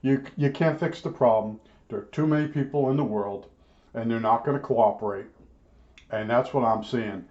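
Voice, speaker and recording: Middle-aged male hobby vlogger, mid-pitched, halting casual delivery, lo-fi audio. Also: darkish tone. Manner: halting, many uhs and restarts. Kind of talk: casual rambling talk. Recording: dull lo-fi sound.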